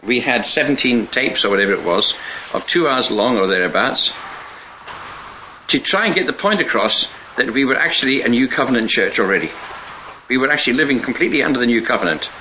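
A man's voice: medium pitch, sharp tone. A man preaching a sermon in a rambling, conversational way, often restarting his sentences and chuckling now and then. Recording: dull lo-fi recording with faint hiss.

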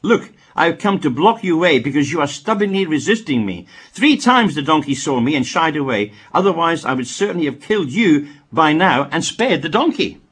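A man's voice: a little high, very animated, moderate pace, few pauses, a bit bright, slightly rough. A man reading scripture aloud and breaking off for wry asides as he teaches. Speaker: Bible teacher. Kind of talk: Bible reading with commentary.

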